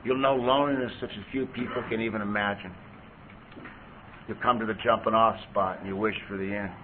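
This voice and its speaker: A man's voice: lowish voice, fairly even intonation, fairly quick. A man sharing his personal recovery story at a meeting, in a conversational way with lots of "you know.". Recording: tinny phone-like tape with faint hiss.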